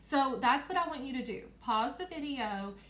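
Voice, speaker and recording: A woman's voice: sits high, lively intonation, moderate pace, a bit bright. A woman teacher leading a recorded reading lesson for young children, with an encouraging, sing-song manner. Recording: echoey room with faint noise.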